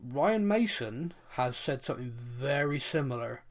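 A man from England hosting a football podcast and chatting casually. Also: mid-range voice. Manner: animated, quick asides. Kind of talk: casual chat.

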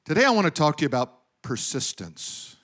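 A middle-aged man preaching a sermon as pastor, animated, often asking the congregation questions. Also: fairly high pitch, fairly quick.

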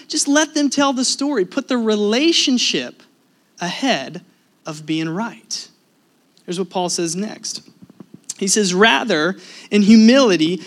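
A man preaching a sermon as a pastor, telling personal stories in an animated way, swinging between loud emphasis and hushed asides. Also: sits high.

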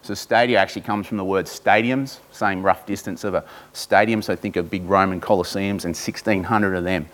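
Preaching in a deep voice, this male pastor reads scripture with slow deliberation before shifting into casual asides aimed at the congregation.

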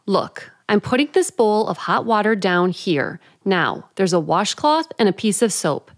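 A woman's voice: medium pitch, animated, unhurried. An actress playing a firm, matter-of-fact female attendant who gives orders and reassures, in an old radio play. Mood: brisk. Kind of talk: 1940s radio acting.

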